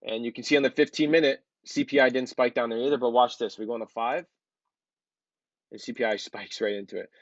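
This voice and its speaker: A man talks viewers through trading charts in a relaxed, rambling way, dropping ums and filler words as he goes. His voice sits at an ordinary middle pitch. The recording is muffled and lo-fi, with a close, dry sound and no room echo. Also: brisk. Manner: loose, chatty, many ums and honestlys. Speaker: trading educator. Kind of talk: casual screen-share chart walkthrough.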